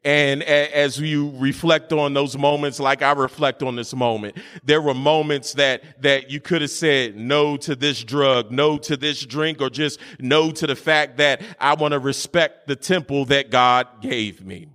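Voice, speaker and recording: A pastor preaching a sermon with fervent delivery, moving between shouted sing-song peaks and quieter teaching. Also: male voice, medium pitch, steady tone, measured pace, hardly any pauses, smooth. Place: church sanctuary. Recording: long hall reverb.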